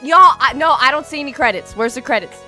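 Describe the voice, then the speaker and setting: Bright high-voiced woman streamer, emotionally swinging. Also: fast, soft background music. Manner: swings from shrieking to hushed disbelief, repeats phrases. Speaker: video game streamer. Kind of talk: live gameplay commentary.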